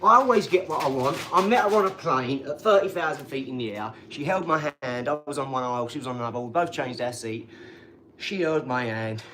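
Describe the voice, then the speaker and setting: A man's voice: medium pitch, fast talker, few pauses, bright, forceful tone, slight background noise. A man, talking casually on a live stream in a rambling, cheeky way and laughing between his remarks.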